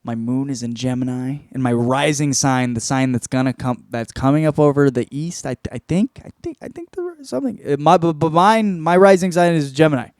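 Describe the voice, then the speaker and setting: A man's voice: a little high, a little mellow, no room sound, studio quality. A man hosting his own solo comedy podcast, rambling, profane and mocking himself as he goes. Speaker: podcast host.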